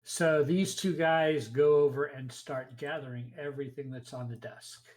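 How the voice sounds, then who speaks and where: A man at mid pitch narrates a tabletop game as its game master. He describes scenes step by step and explains rules in a plain, matter-of-fact way, talking into a mic on a call. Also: fairly even intonation, normal speed, a little mellow.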